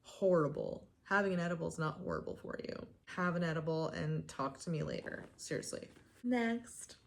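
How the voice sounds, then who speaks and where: A young woman rants to her viewers in a casual, comedic way, her voice sitting a little low for a woman. She piles on fillers and asides as she grows exasperated. She keeps up an easy, talky flow throughout. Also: animated, moderate pace, slight background noise. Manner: exasperated, chatty storytelling with many fillers. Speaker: host. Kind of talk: casual comedic rant to camera.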